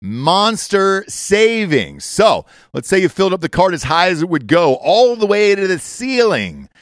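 Brash, animated male podcast host. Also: high voice, fairly quick, no room sound, studio quality. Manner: brash, profane, joking. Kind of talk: crude casual chat and ad reads.

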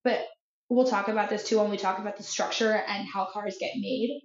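A young woman co-hosting a casual podcast chat, talking excitedly with lots of "like" fillers. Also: mid-range voice, a little fast. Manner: chatty, many "like" fillers, excitable. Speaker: podcast co-host. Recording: echoey room, dull lo-fi sound.

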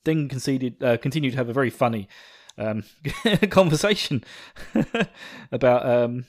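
A man's voice: medium pitch, lively intonation, a little slow. A young man from England with an Essex accent, hosting a podcast in casual, self-mocking chat and laughing often. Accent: Essex English. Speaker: podcast host.

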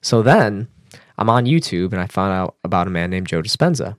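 A man telling a personal story as a podcast guest, casual and animated, swearing and using fillers. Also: fairly quick, dry recording, studio quality. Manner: animated, acts out quotes with raised pitch.

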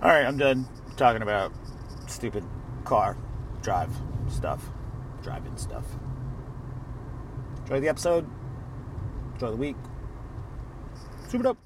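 A man hosting a podcast in a relaxed, rambling way, full of fillers. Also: mid-range voice, a little slow, long pauses, background noise. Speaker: podcast host. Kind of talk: casual podcast chat. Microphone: video call microphone.

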